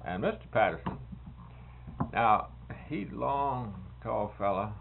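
An older man in casual conversation, musing slowly as he reminisces, with restarts, on a tinny lo-fi recording. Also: on the low side, expressive, creaky. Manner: slow, musing storyteller with restarts. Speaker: conversation participant. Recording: tinny phone-like lo-fi recording with faint hiss.

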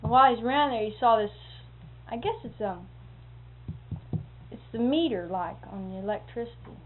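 A woman's voice: on the high side, moderate pace. Chuckling woman telling stories over a thin line. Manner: chuckling often, acts out quoted speech. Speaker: storyteller. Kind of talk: casual anecdotal storytelling. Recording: phone-like lo-fi audio with faint hiss.

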